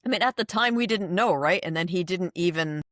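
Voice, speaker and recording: A woman's voice: fairly low pitch, brisk, a bit bright, dry recording. Chatty woman podcaster, dry sound. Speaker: podcast co-host. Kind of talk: casual chat.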